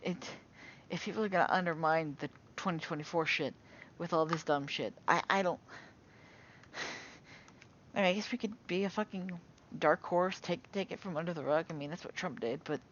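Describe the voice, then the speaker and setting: A woman with a fairly low voice rants into her own recording, swearing constantly and stumbling over her words. The audio is a bit dull, with a faint rumble underneath. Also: moderate pace, pauses often. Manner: agitated, swearing constantly, frequent restarts and sighs. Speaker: political commentary vlogger. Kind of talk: heated unscripted rant.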